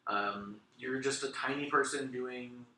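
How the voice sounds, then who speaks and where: A man's voice: medium pitch, unhurried, sharp tone, echoey room, distant mic, a little hiss or hum, poor audio. A man co-hosting a casual wrestling chat show, blunt, sarcastic and full of swearing. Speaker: podcast co-host.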